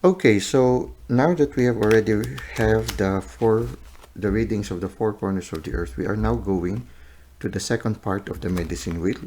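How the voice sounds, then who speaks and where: Deep-voiced man giving a tarot reading. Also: darkish tone, a little hiss or hum. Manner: unhurried, many "uh" pauses, often ends with "no?" or "okay?". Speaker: tarot reader. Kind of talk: unscripted tarot reading to camera.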